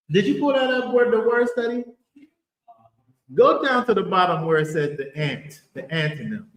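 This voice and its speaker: Man, Bible teacher, high and lively voice, emphatic, echoey room. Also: moderate pace. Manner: animated, emphatic, rhetorical questions.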